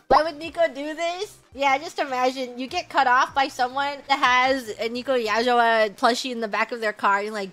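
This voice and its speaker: A young woman streamer telling a story in casual chat, excitable and laughing often, with loud outbursts. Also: high voice, normal speed, hardly any pauses, faint music behind.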